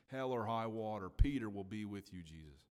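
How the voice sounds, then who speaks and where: A man with a lowish, slightly mellow voice and lively intonation preaches a sermon at a moderate pace. His style is conversational, often checking in with listeners, and the recording carries a long hall reverb.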